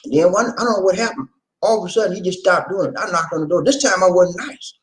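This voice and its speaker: Animated man chatting to his viewers. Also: high voice, fast, rough recording. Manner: animated, folksy, addresses viewers directly. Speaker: vlog host. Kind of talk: casual storytelling chat to camera. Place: home in the Philippines.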